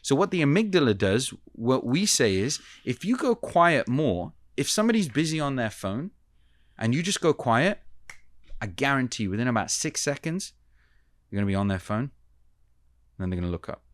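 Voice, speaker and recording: A man who is a communication expert, explaining ideas in a measured, teacherly way as a podcast guest. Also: mid-range voice, big pitch swings, dry recording. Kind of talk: podcast interview.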